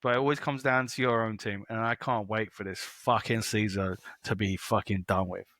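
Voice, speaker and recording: A man's voice: lowish voice, fairly even intonation, normal speed, a bit bright, no echo. A man co-hosting a casual sports podcast, blunt and swearing freely. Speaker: podcast co-host.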